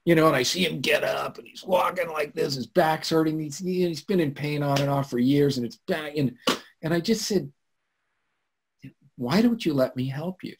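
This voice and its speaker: A man hosting a live webinar, telling a story in an animated way that swings from loud to hushed. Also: a little high, normal speed, gravelly, background noise. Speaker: webinar host. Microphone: computer mic on a video call.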